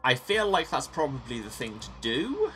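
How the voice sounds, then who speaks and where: A man's voice: mid-range voice, huge pitch swings, moderate pace, pushed and bright, soft background music. A man hosting a let's play, reading story text aloud and musing on his choices with wry humor. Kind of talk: reading game text and commenting.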